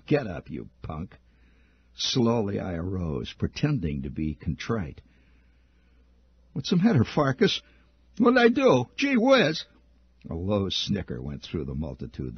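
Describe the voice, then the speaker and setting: A man's voice: low voice, slightly rough, dry recording. A middle-aged man reading his own story aloud with wry, vivid first-person storytelling. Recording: muffled dry old archive recording.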